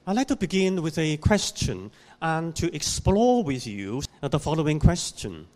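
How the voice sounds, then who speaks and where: Man giving a sermon, unhurried, pitch rises and falls a lot, storytelling with questions to the congregation. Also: animated, darkish tone. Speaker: pastor. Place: church.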